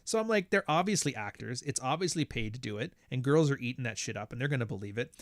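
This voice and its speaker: Canadian male podcast host, mid-pitched, sardonic and foul-mouthed, ranting in a dead room. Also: animated, fast, no room sound, studio quality. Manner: profane, blunt, sardonic. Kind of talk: casual podcast rant.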